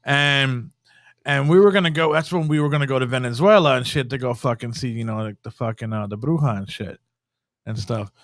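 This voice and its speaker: A man's voice: medium pitch, brisk, no echo, studio quality. A man telling a story in a casual podcast chat, rambling and swearing a lot. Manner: profane, rambling, animated storyteller. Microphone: podcast studio mic.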